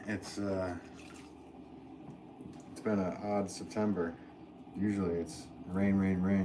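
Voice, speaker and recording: Chatty Connecticut potter, low voice. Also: male voice, background noise. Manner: relaxed, chatty, reads viewer comments aloud with little laughs. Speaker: potter hosting a livestream. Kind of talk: casual livestream chat while working. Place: pottery studio.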